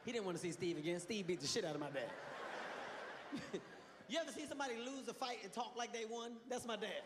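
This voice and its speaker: Male stand-up comic, high voice, dry punchlines, reverberant room. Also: fast, pauses often, crowd noise. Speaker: stand-up comedian. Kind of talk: stand-up comedy routine. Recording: echoey hall with background noise.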